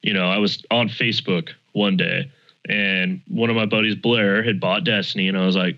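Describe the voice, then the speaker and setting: A man in casual chat, telling gaming stories with animated energy and casual swearing. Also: fairly low pitch, a little fast. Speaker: podcast guest. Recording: dull lo-fi mic.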